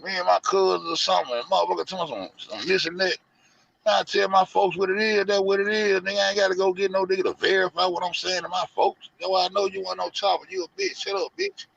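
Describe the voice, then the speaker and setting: Profane ranting man, gravelly and bright. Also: high-pitched, fairly even intonation, fast talker, slight background noise. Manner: loud, profane, heavy slang, mocking. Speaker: show host. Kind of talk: profane rant to an online audience. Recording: muffled lo-fi audio.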